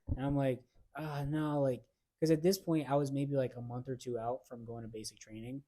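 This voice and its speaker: Young male podcast co-host, mellow tone, candid slangy storyteller. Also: mid-range voice, moderate pace. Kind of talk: casual chat.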